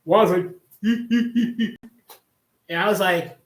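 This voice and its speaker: A man hosting a livestream tells a long, casual story in a high-pitched voice, speaking slowly. The tale rambles with many restarts and asides, and the room is echoey.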